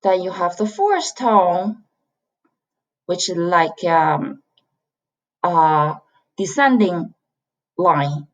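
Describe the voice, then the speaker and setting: A woman from China, a native Chinese speaker, gives a beginner Chinese lesson at a very slow, patient pace. She models each sound and repeats it several times for learners. The recording sounds dull and lo-fi. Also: lowish voice, expressive. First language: Mandarin Chinese. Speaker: Chinese language teacher. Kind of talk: online language lesson.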